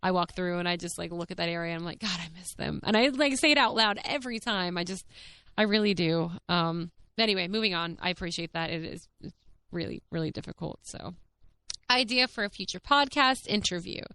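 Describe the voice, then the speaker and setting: A young woman hosts her own podcast in a loose, candid way, reading listener notes aloud and laughing between them. Her voice is bright, clean and smooth, and the recording is close and dry with no room echo. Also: fairly low pitch, fairly quick. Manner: chatty and candid, many fillers, frequent laughs. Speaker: podcast host. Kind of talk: casual solo podcast, reading listener comments.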